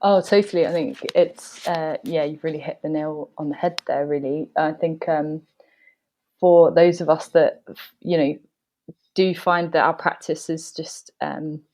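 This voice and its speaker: A woman guest on a podcast, a movement director and dancer, answering thoughtfully with frequent pauses and fillers. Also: deep voice, steady tone, darkish tone. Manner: thoughtful, hesitant with frequent ums. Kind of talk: reflective podcast conversation.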